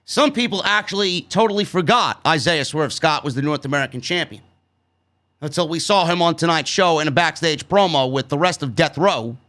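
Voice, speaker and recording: A man's voice: fairly high pitch, sharp tone. A man from New York casually recapping a wrestling show, blunt, sarcastic and given to swearing.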